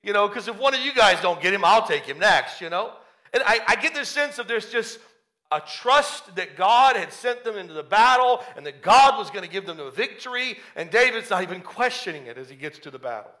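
A man preaches an animated sermon, retelling a story and acting out its characters as he goes. His voice sits high. Its tone is bright and forceful. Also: fairly quick.

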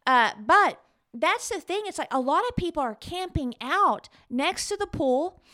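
High-pitched woman on a podcast, lively storytelling, punchy and emphatic. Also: unhurried. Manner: animated, emphatic retelling with laughs. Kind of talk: casual conversation, storytelling.

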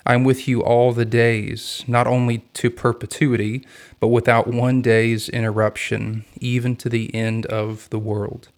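Earnest man teaching the Bible, flat voice. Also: medium pitch. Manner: measured, earnest reading with quoted scripture. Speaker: podcast host and Bible teacher. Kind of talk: scripted devotional Bible teaching.

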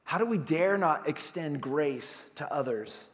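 A man preaching a sermon as pastor, talking conversationally, asking rhetorical questions and swinging between hushed lines and emphatic ones. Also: a little high, animated, a little slow, long reverb tail.

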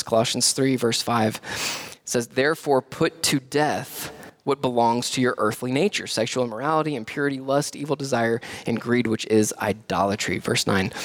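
A man, preaching a sermon as pastor, animated and repeating key phrases for emphasis. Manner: animated, swings to high mimicking voices for quoted people.

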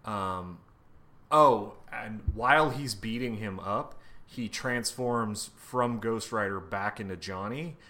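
A man's voice: fairly low pitch, takes it slowly, pushed and bright. A man co-hosting a podcast, recapping a comic book in casual, profane chat full of fillers and restarts. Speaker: podcast co-host.

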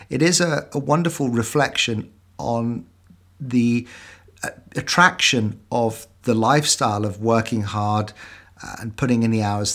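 A man's voice: medium pitch, a bit bright. Chatty male podcast host. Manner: upbeat, chatty, laughs while reading aloud. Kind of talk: casual interview.

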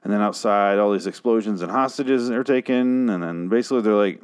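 A man's voice: fairly low pitch, a little fast, few pauses, clean tone. A man casually recapping a TV episode, rambling, sarcastic and profane, with frequent asides and restarts. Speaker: show recap host.

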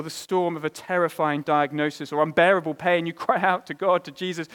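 A man preaching a sermon, earnest, often repeating words and swinging between loud appeals and quiet, hushed lines. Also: a little high, flat delivery, brisk, smooth.

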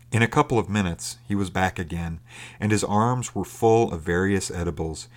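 A man narrating a story in a measured, steady reading. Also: low-pitched.

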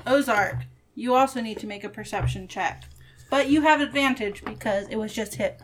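A woman narrating as game master of a tabletop game, giving rulings in an animated way with quick restarts. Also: fairly high pitch, background noise.

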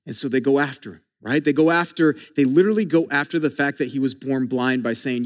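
A man's voice: mid-range voice, fast, hardly any pauses. A man preaching a sermon as pastor, speaking conversationally and emphatically, with rhetorical questions and frequent restarts.

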